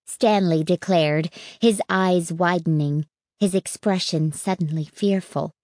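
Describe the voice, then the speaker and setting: A woman narrating a storybook in a steady first-person telling. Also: on the low side, measured pace, no room sound, clean studio sound. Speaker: audiobook narrator.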